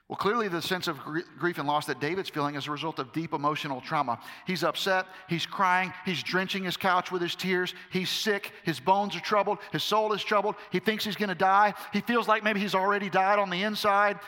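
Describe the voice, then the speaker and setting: A man's voice: high-pitched, fairly quick, few pauses, bright, forceful tone. A middle-aged man preaching a sermon to a live audience, talking conversationally with emphatic repetitions. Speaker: pastor. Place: large hall with a live audience. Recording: echoey hall reverb.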